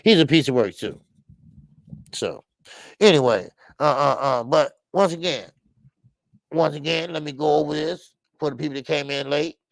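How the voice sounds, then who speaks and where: A man's voice: fairly high pitch, moderate pace, vocal fry, pauses often, no echo. Heated male boxing show host. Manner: heated, animated, repetitive fillers. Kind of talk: casual opinionated commentary.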